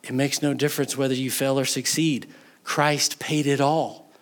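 A man's voice: medium pitch, flat delivery, moderate pace. A man preaching a sermon in church as pastor, earnest, mixing jokes into his teaching and rising in volume for emphasis. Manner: earnest preaching with joking asides, swells louder in emphasis. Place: church sanctuary.

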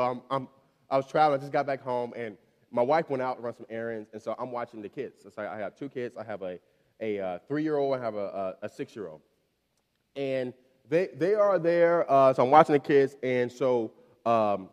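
A man in his thirties preaching a sermon, telling a story with many restarts and repeated words, then building in pitch and volume as he preaches. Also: darkish tone. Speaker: pastor. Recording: long reverb of a large hall.

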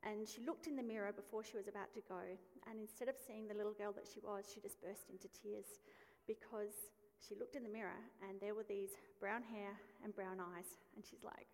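A woman's voice: medium pitch, steady tone, a little fast, few pauses. Woman telling a church story in a hall. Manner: conversational, with fillers and restarts. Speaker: church speaker. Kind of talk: storytelling sermon.

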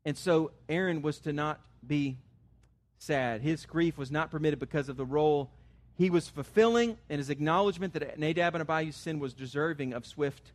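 High-voiced man preaching a sermon. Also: normal speed. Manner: earnest preaching, rising emphatic on key words; conversational asides with fillers. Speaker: pastor.

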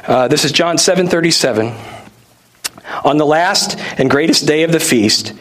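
A man's voice: a little high, normal speed, a bit bright. A man preaching a sermon in a conversational, storytelling way, asking rhetorical questions. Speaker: pastor.

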